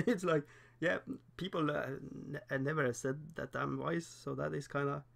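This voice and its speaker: A man with a Norwegian accent who speaks English as a second language, hosting a casual livestream while painting miniatures, chatty and self-deprecating, laughing often and pausing on fillers. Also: fairly high pitch, steady tone, vocal fry. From Norway.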